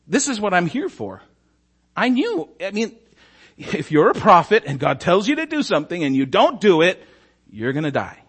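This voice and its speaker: A man's voice: high-pitched, normal speed, breathy edge. A man preaching a sermon as a story, acting out the characters' lines and often asking the congregation "right?". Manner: animated, acts out voices, asks "right?".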